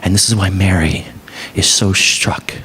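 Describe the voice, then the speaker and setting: A man preaching an Easter sermon as a pastor, telling stories in a conversational, animated way with building emphasis. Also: deep voice, a little slow, a little hiss or hum.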